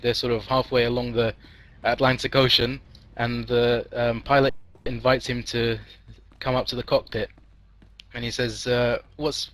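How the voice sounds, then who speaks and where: A man's voice: mid-range voice, fairly bright tone, rough recording. A man telling a long joke to friends, rambling with fillers and restarts.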